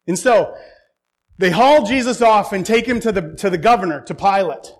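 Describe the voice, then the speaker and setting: A man's voice: sits high, moderate pace. A man preaching a sermon, retelling a Bible story with humor and irony.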